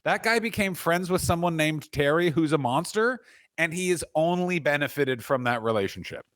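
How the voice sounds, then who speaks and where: A man co-hosting a podcast, telling crude, animated comic stories from a corner of his living room. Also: a little high, normal speed, no room sound, studio quality. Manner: animated, profane storytelling. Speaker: podcast co-host. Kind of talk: crude comedic banter.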